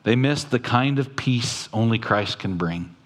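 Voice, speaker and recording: A man preaching a sermon as a pastor, quoting scripture and talking plainly to the congregation, his voice rising at times. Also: lively intonation. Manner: preaching slowly, quoting scripture, with sudden rises in pitch.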